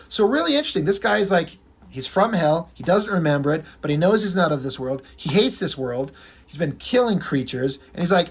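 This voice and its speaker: A man's voice: fairly high pitch, expressive, brisk, slightly rough. Man rambling about a comic he loves. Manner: enthusiastic, rambling, with frequent fillers. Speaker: comic book reviewer. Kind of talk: casual comic book review.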